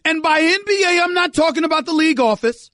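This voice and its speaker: A male sports radio host with a very high, bright, forceful voice, recorded dry and close in a studio. He rants emphatically, circling back on the same phrases for effect. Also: expressive, fast, no room sound. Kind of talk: sports talk radio monologue.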